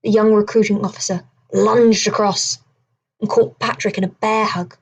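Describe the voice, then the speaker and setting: A woman reads a children's adventure novel aloud in steady, measured storybook narration. Her voice sits at an ordinary middle pitch and keeps an even pace. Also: vocal fry, husky, highs cut off. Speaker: audiobook reader.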